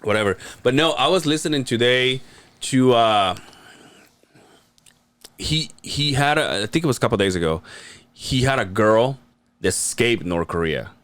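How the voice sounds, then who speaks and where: A podcast co-host in his late thirties, with a mid-range voice at normal speed and long pauses, tells stories in casual chat. He's animated, swears and laughs as he talks, and there's no echo.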